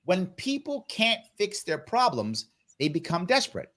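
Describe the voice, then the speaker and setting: A man's voice: high-pitched, wildly swooping pitch, unhurried, fairly bright tone. A man speaking as a guest in an interview, making his points in an emphatic, persuasive way. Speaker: political guest. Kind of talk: interview conversation.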